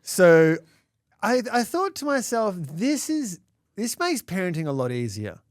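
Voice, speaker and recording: A man, co-hosting a parenting podcast and telling a story in a casual, animated way, acting out quotes, laughing and swearing. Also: high voice, unhurried, no echo, studio quality. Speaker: podcast co-host, dad.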